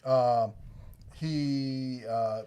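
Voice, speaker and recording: A man's voice: medium pitch, steady tone, very slow, warm tone, smooth. A middle-aged man co-hosting a casual livestream from home, telling family stories and reading viewer comments with frequent chuckles. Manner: storytelling, chuckles often. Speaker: livestream co-host.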